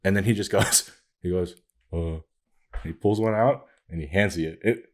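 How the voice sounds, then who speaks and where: A man's voice: low voice, moderate pace. A young man in his twenties, a podcast co-host, telling a long story in casual chat, acting out quoted lines and filling his talk with "like". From Filipino heritage. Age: 20s. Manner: animated storyteller, acts out quotes with many fillers.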